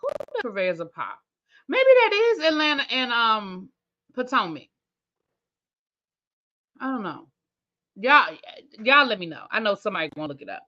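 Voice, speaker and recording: A woman's voice: fairly high pitch, sing-song, moderate pace, pauses often, pushed and bright, dull audio. A woman hosting a TV review channel, recapping an episode in casual chat, thinking aloud and talking straight to her viewers. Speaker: TV review host.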